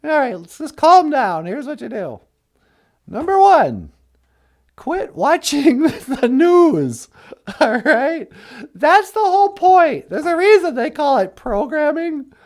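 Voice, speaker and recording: A man voicing a cheery, brisk female talk-show host on a puppet comedy podcast. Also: extremely high pitch, sing-song, a little mellow, full character voice. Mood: chirpy. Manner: cheery and brisk, gives advice.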